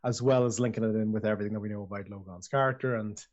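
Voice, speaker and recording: A man's voice: on the low side, steady tone, very fast, darkish tone. A man narrating as dungeon master of a tabletop game, chatty and rambling, often restarting his sentences. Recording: slightly dull lo-fi audio.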